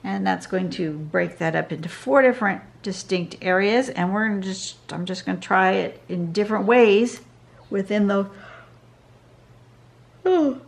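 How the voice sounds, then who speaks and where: Slow, gravelly woman teaching drawing. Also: mid-range voice. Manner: chatty, thinks aloud while drawing. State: tired, yawning. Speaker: drawing instructor. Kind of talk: casual drawing tutorial. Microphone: camera over a drawing desk.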